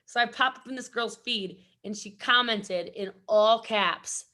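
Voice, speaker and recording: A woman giving an energetic motivational talk at an event, chatty and rambling, often breaking off to laugh. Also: on the high side, measured pace, hardly any pauses. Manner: chatty, rambling, self-interrupting, laughs a lot. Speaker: event speaker.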